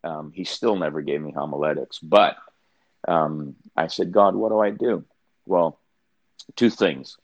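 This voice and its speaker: A man's voice: rumbling low, measured pace, no echo, lo-fi sound. An older man, a pastor, telling a personal story as an interview guest, earnest and often restarting his sentences.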